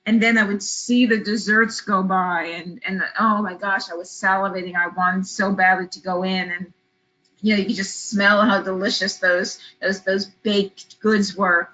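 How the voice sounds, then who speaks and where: A woman's voice: medium pitch, flat delivery, moderate pace, pushed and bright, rough recording. A woman leads a travel business webinar and tells a personal story to make a point, chatting with lots of fillers. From California. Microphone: webinar computer mic.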